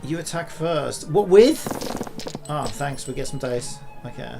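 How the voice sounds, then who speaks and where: A man's voice: mid-range voice, moderate pace, gravelly, over music. A man commentating live gameplay, frustrated and swearing often, ranting at the game. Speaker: gaming streamer.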